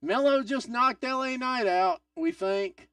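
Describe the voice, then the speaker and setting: A man hosting a live wrestling watch-along stream, excitable and swearing, swinging from loud outbursts to mutters. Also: very high voice, unhurried, smooth, no room sound, clean studio sound, distant mic.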